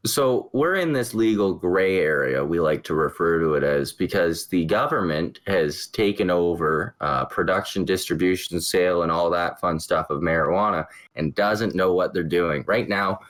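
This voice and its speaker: A man's voice: deep voice, normal speed, hardly any pauses, fairly bright tone. A man from Canada hosting a casual podcast chat, joking and laughing often. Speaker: podcast host.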